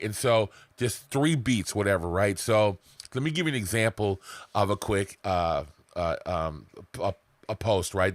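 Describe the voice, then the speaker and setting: A man's voice: lowish voice, fairly bright tone, no echo. A man coaching beginner marketers in a casual, rambling, profane way, often mocking himself. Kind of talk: casual teaching to camera.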